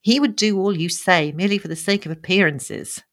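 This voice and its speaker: A woman's voice: medium pitch, a little fast, natural voice. A woman reading the part of a shabby young man, weary and rueful, in an audiobook, with clipped, bitter lines.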